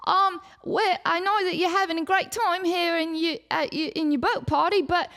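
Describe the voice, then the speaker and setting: A woman's voice: steady tone, normal speed, a bit bright. A woman voicing a timid, fussy young male intern who is overly polite and apologetic. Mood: prim. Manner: fluttery, apologetic, high and breathy.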